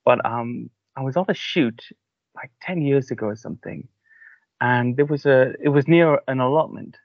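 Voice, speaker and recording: A man's voice: mid-range voice, normal speed, no echo. A man with a Cardiff Welsh accent hosting a casual interview, telling rambling anecdotes. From Cardiff, Wales. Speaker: podcast host. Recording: dull, lo-fi, dry sound.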